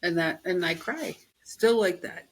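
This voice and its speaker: Middle-aged woman, podcast guest, lowish voice, casual storyteller who acts out quotes, chatty and quick to laugh. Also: slight background noise, rough recording. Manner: animated storytelling, acts out her own quotes; frequent fillers, laughs easily. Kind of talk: casual interview chat.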